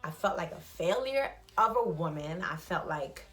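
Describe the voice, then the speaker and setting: A young woman hosting her channel, telling a personal testimony in an animated, casual way and acting out bits of dialogue. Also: on the low side, moderate pace. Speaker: host telling her birth story.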